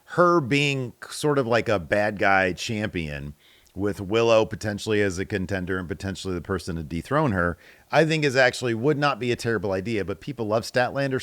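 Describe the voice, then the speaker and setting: A man hosts a casual reaction podcast, reading out viewer comments and weighing in with opinions. His voice swings widely in pitch, and the recording is dry, with no room sound. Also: fairly bright tone, no room sound. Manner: chatty, opinionated, laughs at own jokes. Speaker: podcast host.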